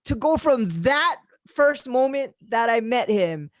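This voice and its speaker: Animated man telling stories. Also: very high voice, measured pace, dry recording. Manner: animated, swears freely, laughs while telling stories. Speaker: podcast host. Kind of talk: casual chat, storytelling.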